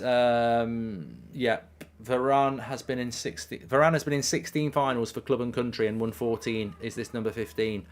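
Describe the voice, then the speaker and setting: A man casually chatting on a live stream, reading out viewer messages with plenty of ums. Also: mid-range voice. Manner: chatty, reads chat messages aloud, frequent ums. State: hiccups. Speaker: watchalong streamer.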